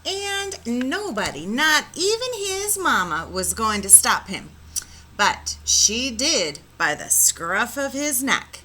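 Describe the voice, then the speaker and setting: A woman teacher reading a picture book aloud with expressive, animated storytelling. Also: mid-range voice, slow.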